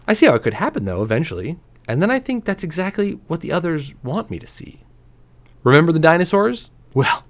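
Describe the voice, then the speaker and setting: A man reading a novel aloud to his stream, giving quoted lines lively voices and dropping soft and low on the quiet ones. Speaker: reader.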